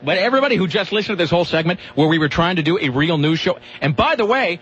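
Man, talk radio host, slightly high voice, rambling banter, dull lo-fi sound. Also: animated, fairly bright tone, slightly rough. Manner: rambling, self-mocking, quick restarts.

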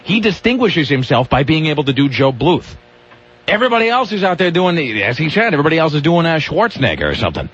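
Grumpy rambling radio guy, husky, kinda muffled lo-fi sound. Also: fairly high pitch, big pitch swings, fast, a bit bright. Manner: rambling, restarts, grumpy rants. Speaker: radio show host. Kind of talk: casual radio banter. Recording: dull lo-fi radio broadcast.

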